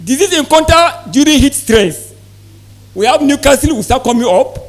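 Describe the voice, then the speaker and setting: High-voiced man lecturing farmers. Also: animated, normal speed. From Nigeria. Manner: asks the audience questions, repeats points. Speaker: sales manager giving a farm talk. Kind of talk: live seminar presentation.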